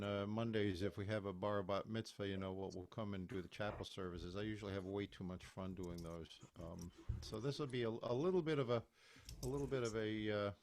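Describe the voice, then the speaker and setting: This medium-pitched, dark-toned voice carries slight background noise. The speaker is a cantor who chats in a jokey, self-mocking, rambling manner before leading a virtual chapel service, picked up by a computer microphone during a video call.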